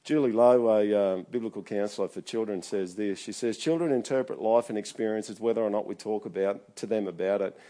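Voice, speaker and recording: A man's voice: lowish voice, brisk, few pauses, dark tone. A middle-aged man preaching a conversational sermon, often checking in with his listeners. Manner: chatty, keeps checking in with the congregation. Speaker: pastor.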